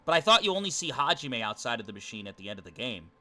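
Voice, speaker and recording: A young man streaming a game, rambling and chatting, breaking into loud excited jokes. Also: mid-range voice, fast. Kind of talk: live game commentary. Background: faint game music.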